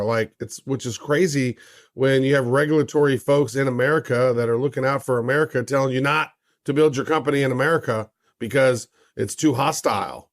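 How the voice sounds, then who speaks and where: A man's voice: medium pitch, brisk, no echo, studio quality. Bantering male podcast co-host. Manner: playful banter, casual slang. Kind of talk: casual podcast chat.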